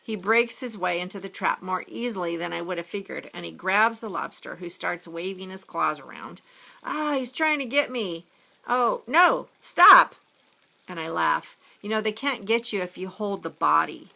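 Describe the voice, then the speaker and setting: A woman teacher reads a story aloud to her class in an expressive storytelling manner. Her voice is fairly low, with a gravelly fry running through it. Her tone is bright and forceful. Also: moderate pace, few pauses.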